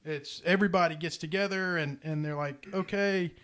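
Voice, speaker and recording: A man's voice: a little high, fairly even intonation, a little fast, fairly bright tone. Earnest man telling a story. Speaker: podcast host. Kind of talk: casual chat, storytelling.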